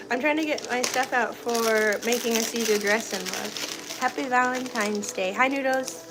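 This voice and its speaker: Speaking at a measured pace in a slightly high voice, a young woman hosts a kitchen livestream, giggling and chatting as she reads viewers' comments and replies. The recording is low quality, with music playing clearly in the background.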